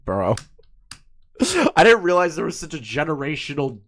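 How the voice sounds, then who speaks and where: A man's voice: on the high side, expressive, moderate pace. Incredulous swearing man in his late twenties. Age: late 20s. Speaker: commentary host. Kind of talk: casual commentary reading messages aloud.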